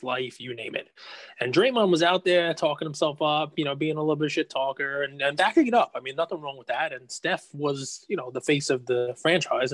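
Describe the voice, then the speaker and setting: A man's voice: mid-range voice, no room sound, poor audio. A man co-hosting a podcast, chatting in an easygoing way and joking around. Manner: easygoing, quick to joke. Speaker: podcast co-host. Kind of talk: casual chat.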